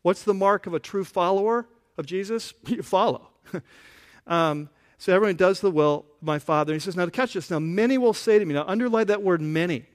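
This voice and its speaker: A pastor giving a conversational sermon, often asking the congregation questions. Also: male voice, high-pitched, a little fast. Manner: casual, asks the congregation questions.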